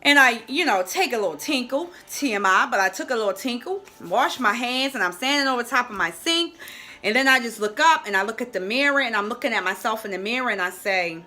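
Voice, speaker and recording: A middle-aged woman coaching on health tells a personal story with a high, sparkling voice that swoops up and down. She talks straight to her listeners and calls them "y'all". Soft music plays faintly underneath. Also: lively intonation, fairly quick.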